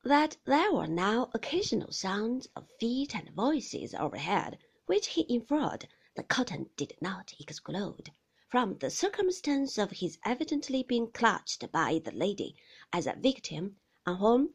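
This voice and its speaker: A woman narrating a classic novel as an audiobook, in a hushed delivery that often drops to a breathy whisper. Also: a little high, very animated, a little slow. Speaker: audiobook reader.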